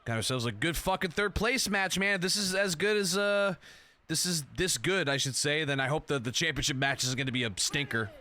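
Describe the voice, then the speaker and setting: With a fairly high, fairly quick voice, a young man commentates his football video game stream, casual, excitable, and profane, often shouting.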